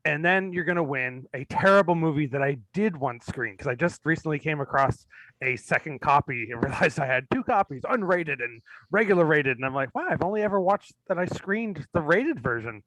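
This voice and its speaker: A man's voice: on the high side, lively intonation, fairly quick, a bit bright, dry recording, rough recording. A man with a somewhat raised voice talks casually as a host, rambling from joke to joke and laughing along the way. The sound is close and dry. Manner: jokey, rambling, laughs often. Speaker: host of a movie screening show. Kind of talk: casual chat.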